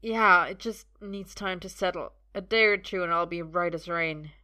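Storybook role: woman reader doing a worn-out young male sorcerer, bright tone, dry humor, gritted-teeth stubbornness. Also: on the low side, fairly even intonation, normal speed. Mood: weak wry. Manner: joking and strained, a little breathless. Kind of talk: audiobook reading.

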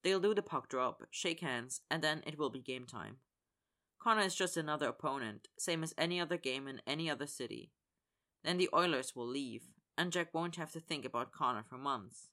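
Storyteller with a bright, sharp tone who voices the characters' lines. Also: medium pitch, normal speed. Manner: acts out characters' lines in dialogue. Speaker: narrator. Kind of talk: fan fiction audiobook reading.

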